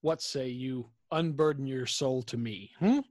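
A man voicing a smooth-talking male adventurer who coaxes a frightened sailor. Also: mid-range voice, a little slow, a little mellow, dry recording, lightly acted. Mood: coaxing. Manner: cajoling, wry.

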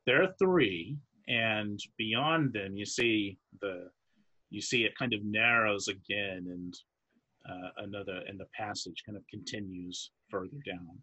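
A man narrating as game master of a tabletop game, halting and searching for words as he describes each scene. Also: on the low side, pushed and bright, husky, lo-fi sound.

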